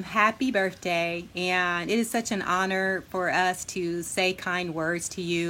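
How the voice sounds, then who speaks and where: A woman's voice: on the low side, slight background noise. A woman giving a gushing, heartfelt birthday tribute to a friend. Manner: warm, gushing praise. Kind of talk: heartfelt recorded message.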